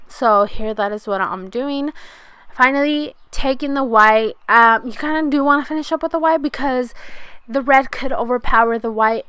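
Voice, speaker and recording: A woman's voice: a little high, a bit bright, smooth, dry recording. A woman, chatting casually through a makeup tutorial as a beauty vlogger. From California. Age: 20s. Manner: chatty, casual, addresses viewers as "you guys".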